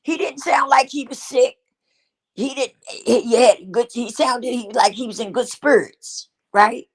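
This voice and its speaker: A woman's voice: a little high, measured pace, husky. A middle-aged woman hosting her own show, telling a personal story in an emotional, repetitive way and speaking straight to her listeners. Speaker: host.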